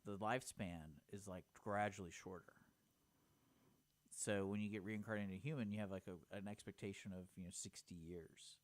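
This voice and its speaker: Low-voiced man teasing his co-host. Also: steady tone, normal speed. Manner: teasing, joking, lots of fillers like "like". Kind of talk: casual chat.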